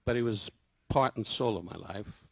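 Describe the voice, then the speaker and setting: A man's voice: lowish voice, normal speed, creaky, a little mellow, slightly rough, no room sound. An older man, a comedian, giving a rambling, self-deprecating memorial tribute full of anecdotes.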